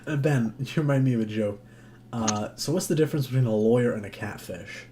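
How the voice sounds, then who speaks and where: A man's voice: medium pitch, brisk, dark tone, slight background noise. A man from the United States chatting casually while streaming, joking crudely and laughing often. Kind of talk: casual chat.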